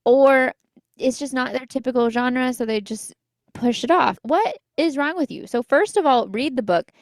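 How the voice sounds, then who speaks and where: A woman's voice: high voice, lively intonation, moderate pace, no room sound, clean studio sound. A young adult woman co-hosting a casual book podcast, talking with chatty enthusiasm. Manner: chatty and enthusiastic, playful jabs. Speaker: podcast co-host. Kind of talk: casual chat.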